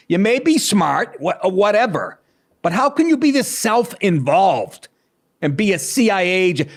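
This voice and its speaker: A male podcast host cuts into a clip again and again to mock it. His comments are sarcastic and full of swearing. His voice sits a bit high and jumps around a lot. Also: creaky. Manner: sarcastic, interrupting, swearing mockery. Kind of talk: profane commentary over a clip.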